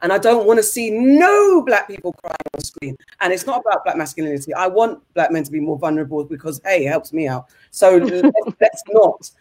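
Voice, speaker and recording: A man's voice: high-pitched, expressive, brisk, hardly any pauses, darkish tone. A man in casual podcast chat. He is thoughtful and wry, and rambles as he works through his point.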